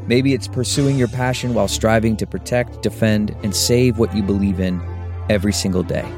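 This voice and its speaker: A man reading a recruitment ad voice-over in a reflective, measured way, asking questions as he goes. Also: fairly low pitch, steady tone. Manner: reflective, measured delivery built around questions. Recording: voice-over with music bed.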